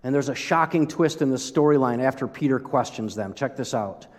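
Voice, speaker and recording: A man preaching a sermon as pastor, conversational and animated, often breaking off and restarting his sentences. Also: medium pitch, a little fast, in a large hall. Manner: conversational, animated, self-interrupting.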